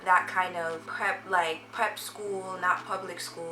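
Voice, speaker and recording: A woman's voice: lowish voice, fairly even intonation, slow pace, sharp tone, recorded from a distance. A young woman with a polished Jamaican accent chats her way through a makeup storytime, wandering between thoughts and correcting herself as she goes. She sits well back from the mic in an echoey room, and music plays under her voice. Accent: Jamaican, prep-school polished. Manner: chatty and rambling, with frequent fillers and self-corrections. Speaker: beauty vlogger. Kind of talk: get-ready-with-me storytime chat.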